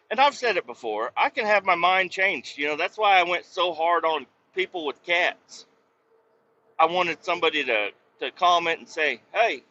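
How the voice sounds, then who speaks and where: A man's voice: a little high, bright, forceful tone, dull audio, slight background noise. A man hosting his own podcast, rambling casually and profanely from inside a work truck, often breaking off mid-thought. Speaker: podcast host.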